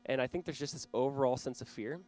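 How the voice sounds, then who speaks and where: A man's voice: medium pitch, quick pace, darkish tone. A man in his thirties preaching a sermon as pastor, conversational and earnest, with small laughs and restarts.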